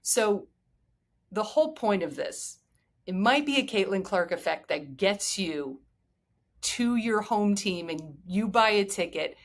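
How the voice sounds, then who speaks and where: An excited woman in middle age hosts a sports podcast on her own. She talks eagerly and goes off on heartfelt tangents, her voice pitched right in the middle. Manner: enthusiastic, digressive, emotional. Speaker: podcast host. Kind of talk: solo sports podcast talk.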